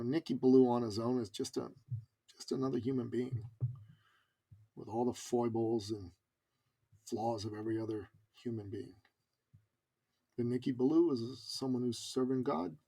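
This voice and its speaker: A man's voice: mid-range voice, creaky, mellow, breathy edge. A middle-aged man telling a personal story as a podcast guest, earnest and emphatic. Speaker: podcast guest, business coach.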